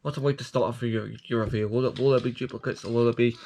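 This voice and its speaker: A man's voice: mid-range voice, steady tone, fast talker, darkish tone. A man talks his way through channel news and app reviews in a loose, rambling vlog. He restarts and corrects himself often and drops in self-mocking asides. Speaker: channel host.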